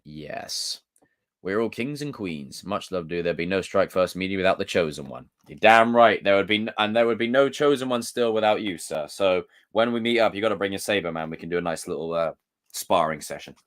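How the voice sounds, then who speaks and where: A man hosting a livestream, reading viewer comments aloud in a loose, excitable, joking way with some swearing. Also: low-pitched, a little fast. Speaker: livestream host.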